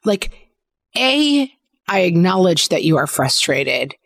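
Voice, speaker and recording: A middle-aged woman co-hosting a podcast, chatting candidly about parenting and acting out her kids' lines in a relaxed, conversational way. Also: lowish voice, slow pace, gravelly, no echo. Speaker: podcast co-host. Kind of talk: casual parenting chat.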